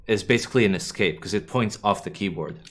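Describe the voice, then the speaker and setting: A man's voice: on the low side, fast talker, a bit bright. A young man streaming a keyboard build, tired and rambling, swearing casually and muttering to himself. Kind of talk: casual live-stream chat while building. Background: keyboard clicking and typing.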